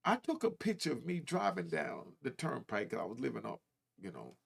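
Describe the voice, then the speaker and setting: Emotional gravelly man in his fifties. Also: medium pitch, huge pitch swings, brisk. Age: 50s. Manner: raw, emotional, street slang. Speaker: host telling his story. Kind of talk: emotional personal storytelling.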